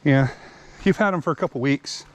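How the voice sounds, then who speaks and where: A man's voice: on the high side, fairly quick. Chatty out-of-breath man hiking outdoors. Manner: chatty, explains gear plainly. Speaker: hiking vlogger. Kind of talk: casual vlog narration while hiking. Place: outdoors on a wooded park trail.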